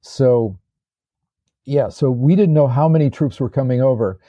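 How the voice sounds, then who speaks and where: A man's voice: mid-range voice, measured pace, mellow, no echo, highs cut off. An older man, a former tank commander, telling his stories as an interview guest in a rambling way, with restarts and fillers. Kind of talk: casual interview storytelling.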